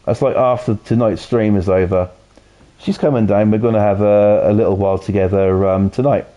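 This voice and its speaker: While playing a game on stream, a British guy talks in a loose, rambling way, heavy on swearing and "you know" fillers. He has a lowish, warm voice with a steady tone and a slightly quick pace, captured in dull lo-fi audio.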